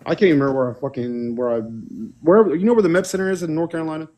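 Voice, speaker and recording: A man's voice: fairly high pitch, rapid-fire, dark tone. A man telling profane army stories in casual chat with friends. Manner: profane storyteller, does voices of people he quotes. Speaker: podcast co-host.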